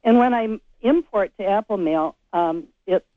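A woman's voice: medium pitch, measured pace. A woman calling in to a radio show to ask a question, polite and earnest. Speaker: caller. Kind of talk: phone-in question. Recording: tinny phone line.

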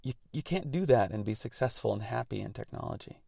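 A male radio host talks in an earnest, reflective monologue, laying out technical points plainly. His voice is low and heavily gravelly with lots of fry. The sound is dry and close. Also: lively intonation, fast, warm tone, no echo. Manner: earnest, thoughtful, explains technical detail plainly.

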